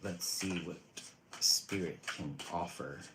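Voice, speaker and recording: A man with a very low voice talks through tarot readings in a loose, rambling way, restarting his sentences as he goes. A steady hiss and small clicks sit under his voice on this home stream. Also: takes it slowly. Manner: chatty, rambling, restarts often. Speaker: tarot reader. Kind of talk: casual livestream reading.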